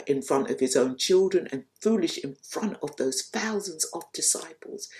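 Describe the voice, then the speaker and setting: Slow, soft-spoken woman teaching. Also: low-pitched. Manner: soft-spoken, unhurried, repeats phrases for emphasis. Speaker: spiritual teacher. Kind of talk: reflective spiritual talk with storytelling.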